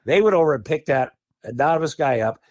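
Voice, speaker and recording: Animated, profane man telling a story. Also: on the high side, fast talker, dry recording, clean studio sound. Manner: animated, profane, laughs mid-sentence. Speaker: podcast guest. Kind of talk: casual anecdotal storytelling.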